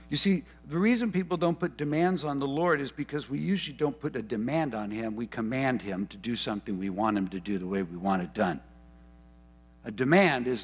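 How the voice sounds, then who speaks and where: A man's voice: mid-range voice, moderate pace. A man preaching a sermon, fervent and repeating key phrases for emphasis, with rambling asides and self-corrections. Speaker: pastor.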